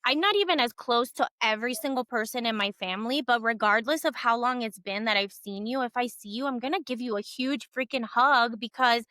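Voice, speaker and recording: A woman co-hosts a casual podcast with a bright, slightly high voice. She talks earnestly and with emphasis, leaning on "like" fillers. The sound is close and dry. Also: brisk, hardly any pauses, dry recording. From Cuban family background. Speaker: podcast co-host.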